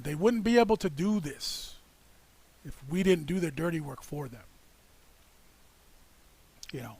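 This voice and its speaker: A man's voice: a little high, a little mellow, husky. Rambling, laughing man on a livestream. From United States. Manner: rambling, laughs often, reads viewer comments aloud. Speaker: livestream co-host. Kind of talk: casual livestream chat.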